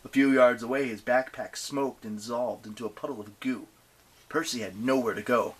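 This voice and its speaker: A man reading a novel aloud as an audiobook narrator, with animated, expressive delivery. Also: medium pitch, moderate pace, breathy edge.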